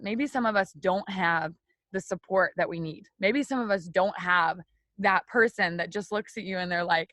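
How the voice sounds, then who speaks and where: A woman's voice: medium pitch, moderate pace, a bit bright, no echo. A young woman speaking candidly to viewers in a personal devotional talk, confiding and repeating phrases for emphasis. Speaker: faith video host.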